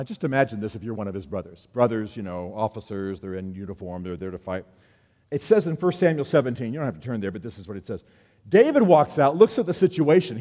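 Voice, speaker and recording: Man, preacher, sermon, lively storytelling, acts out quotes, long hall reverb. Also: mid-range voice, husky. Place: stage before an audience.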